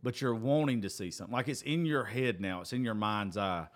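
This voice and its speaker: Man hosting a casual interview. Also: on the low side. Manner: measured, questioning, plays devil's advocate. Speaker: host.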